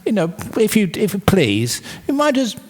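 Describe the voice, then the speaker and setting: A poor, foolish farmer who is easily worked up, played by a man telling a fable. His voice climbs high and fussy, with a pleading or barking edge that never settles. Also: wildly swooping pitch, normal speed, husky, full character voice. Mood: pleading, fawning.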